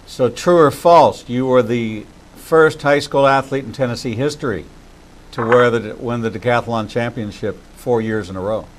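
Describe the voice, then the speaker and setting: A man from Pittsburgh hosting an interview, asking questions in a measured, deliberate way. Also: medium pitch, fairly even intonation, rough recording. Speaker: interview host.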